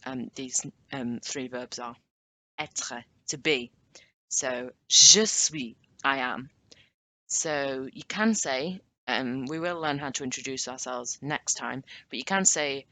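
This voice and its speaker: A woman talks through a language lesson in a loose, chatty way, pausing to correct herself. Her voice sits low and moves slowly, with a bright, forward tone. She drags out each example phrase so it can be copied. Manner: chatty, self-correcting, drawn-out French examples. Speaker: language teacher. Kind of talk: casual video lesson.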